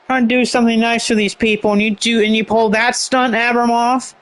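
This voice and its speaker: A man's voice: very high-pitched, flat delivery, a little fast, a bit bright. A man voicing an angry male wrestling executive in a suit, scolding someone in a put-on Italian accent. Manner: scolding, dismissive.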